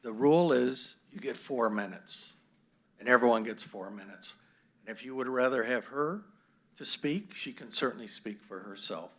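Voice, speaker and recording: A man serving as a meeting official, calmly explaining the rules and placating a speaker. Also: medium pitch, moderate pace, breathy edge. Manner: calm, placating, apologetic. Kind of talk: procedural explanation. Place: city council chamber.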